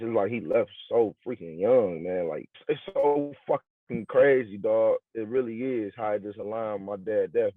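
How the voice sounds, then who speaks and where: A man's voice: lowish voice, no room sound. A man co-hosting a podcast in casual chat, talking bluntly and emphatically with heavy slang and swearing. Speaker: podcast co-host. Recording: tinny, dry lo-fi sound.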